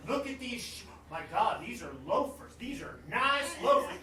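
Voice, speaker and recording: A man's voice: very high-pitched, big pitch swings, moderate pace, crowd noise. A man doing an old Southern janitor. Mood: frantic. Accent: put-on American Southern. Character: old male roller-rink janitor, fussy, hip-sore. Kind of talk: live improv comedy. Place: theater stage. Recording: echoey live stage, distant mic.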